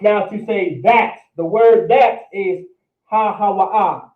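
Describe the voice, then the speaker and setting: A man's voice: sits high, slow pace. A man teaching a language class, repeating words and often checking in with his students. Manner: repetitive, checks in with "all right?". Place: classroom or meeting room. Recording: roomy, distant, phone-like sound.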